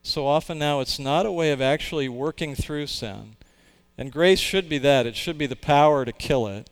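A man's voice: a little high, normal speed. A man, who is a pastor, preaching a sermon in an earnest, emphatic way, with occasional restarts.

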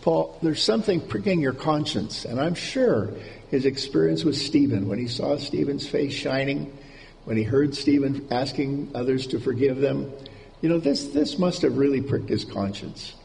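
A man's voice: mid-range voice, normal speed, gravelly, darkish tone. A man preaching a conversational sermon in an informal way, repeating key words for emphasis, heard in a reverberant hall with faint background noise.

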